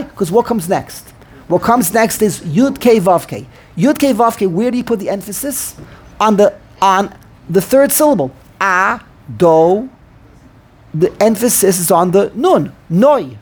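A man's voice: high-pitched, animated, darkish tone, husky. A man teaching a Hebrew pronunciation lesson, often repeating himself and drawing out chanted example phrases. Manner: repeats words, self-correcting, drawn-out chanted pronunciations. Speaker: Torah teacher.

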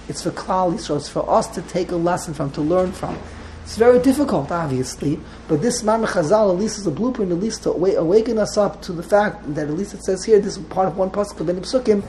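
A man's voice: high-pitched, warm tone, a little hiss or hum, poor audio. Man teaching a Torah class, rambling. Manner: digressive, restarts often, mixes Hebrew terms.

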